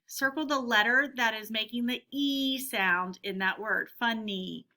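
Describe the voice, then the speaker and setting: A woman teacher leads a phonics lesson for children, pronouncing each word twice with careful, clear diction. Her voice sits a little high and bright. She keeps an unhurried pace throughout. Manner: slow, clear word-by-word dictation.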